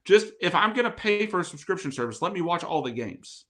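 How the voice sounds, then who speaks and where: A man's voice: high voice, brisk. A man co-hosting a casual football podcast over a remote call, getting over a cold, talking in a ranting, laugh-filled way. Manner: animated, ranting, laughs often. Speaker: podcast co-host.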